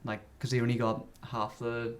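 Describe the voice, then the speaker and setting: A man chatting casually at home, relaxed and hesitant with frequent fillers. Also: medium pitch, moderate pace. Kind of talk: casual chat. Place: a home flat.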